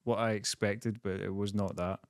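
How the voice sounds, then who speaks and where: A man's voice: lowish voice, steady tone, moderate pace, clear, resonant tone, dry recording, clean studio sound. A young man, a comedian guest, telling a story in casual podcast chat, laughing, swearing and acting out the people he quotes.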